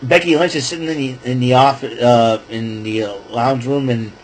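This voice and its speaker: Husky-voiced man rambling through a recap. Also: medium pitch, moderate pace, rough recording. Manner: excitable, self-correcting, chatty asides. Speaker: wrestling recap vlogger. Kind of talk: casual rambling show recap.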